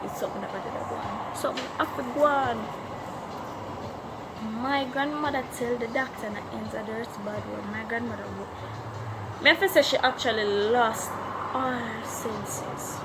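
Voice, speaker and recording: A woman telling a personal story on her vlog, speaking in a slow, halting, emotional way. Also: fairly high pitch, noisy background. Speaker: vlogger.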